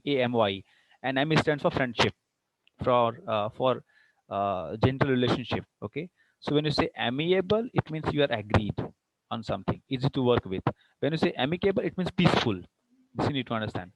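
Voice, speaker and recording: Indian english teacher guy, rapid explaining, dry close sound, asks the class questions a lot. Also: medium pitch, no echo, lo-fi sound. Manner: explains step by step, checks understanding with questions. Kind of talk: online lecture, mixing English and Hindi.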